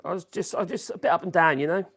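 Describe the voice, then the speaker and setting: This live-streamer talks fast in a husky, fairly bright, medium-pitched voice. Phone in hand in a home workshop, they ramble through chat messages, humming to themselves and chuckling a lot along the way.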